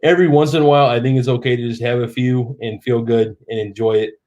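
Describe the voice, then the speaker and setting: A man's voice: medium pitch, fairly even intonation, quick pace, darkish tone, highs cut off. Tipsy guy in his 30s rambling away on his live stream, chatty, mid-range voice. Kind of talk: casual live stream chat.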